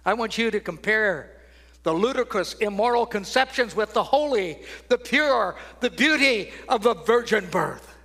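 Older man, preacher, sermon delivery, high-pitched, bright and forceful, swings between ringing and hushed. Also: expressive, unhurried. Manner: dramatic swings from loud declaiming to hushed near-whispers.

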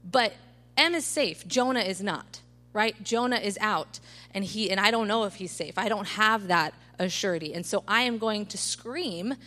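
A woman in her thirties preaching at a midweek church service, telling family stories in an animated way and often checking in with the room by asking "right?". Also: mid-range voice. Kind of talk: sermon.

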